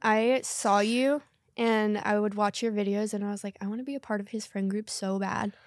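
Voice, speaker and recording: A young woman guesting on a podcast, chatting casually in a playful, sassy way with quick laughs. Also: medium pitch, steady tone, no echo, clean studio sound.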